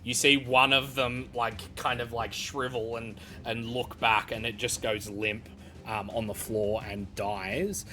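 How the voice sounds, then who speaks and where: An Australian man running a tabletop game as dungeon master, laid-back and full of ums and quick "cool"s. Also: mid-range voice, little pitch movement, music in the background.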